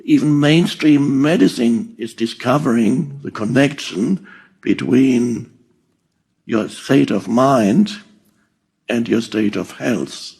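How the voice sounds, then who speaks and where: An older man giving a slow, reflective spiritual talk, pausing often and chuckling softly. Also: mid-range voice, creaky, breathy edge. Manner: slow and deliberate, with soft chuckles. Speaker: spiritual teacher.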